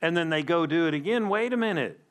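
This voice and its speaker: A man's voice: fairly high pitch, animated, fast, fairly bright tone. A man preaching a sermon as a pastor, emphatic with conversational asides.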